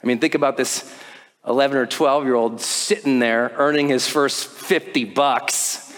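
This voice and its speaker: A man's voice: medium pitch, normal speed. A man giving a motivational talk to a live audience, telling a story and acting out the voices in it. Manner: animated storytelling, acts out quoted voices. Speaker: motivational speaker. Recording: long hall reverb.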